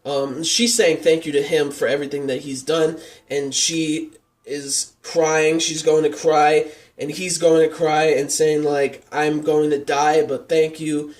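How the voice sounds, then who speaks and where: A man with a slightly higher-than-usual voice talks through an anime episode in a loose, chatty review. He rambles and leans on fillers as he retells scenes, earnest and openly touched. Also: flat delivery, unhurried. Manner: rambling, heavy on "like" and "and stuff" fillers. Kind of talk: casual episode review vlog.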